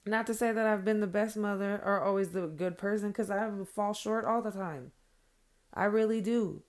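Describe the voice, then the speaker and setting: A woman's voice: medium pitch, normal speed. Earnest plain-spoken mother vlogging. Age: adult with children. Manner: earnest, blunt, swears freely, many fillers. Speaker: vlogger addressing followers. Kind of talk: heartfelt direct-to-camera monologue.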